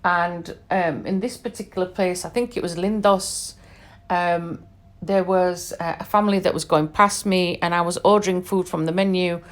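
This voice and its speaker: A woman's voice: lowish voice, fairly even intonation, normal speed. A British woman in her forties shares her own travel memories on a podcast. She speaks chattily, leans hard on the points she wants to land, and often drops in little asides to the listener. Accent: British English. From England. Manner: conversational, emphatic, lots of fillers and asides. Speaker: podcast host. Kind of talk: personal storytelling monologue.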